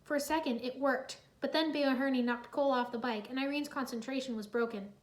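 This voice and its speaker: A woman narrating a children's adventure story in a lively, expressive read-aloud. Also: high-pitched, fairly quick.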